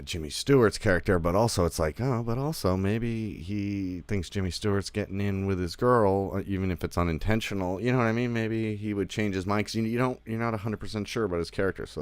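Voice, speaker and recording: A man's voice: low voice, no echo. A man giving a casual spoken film review, rambling with lots of fillers like "like" and "you know", and swearing now and then.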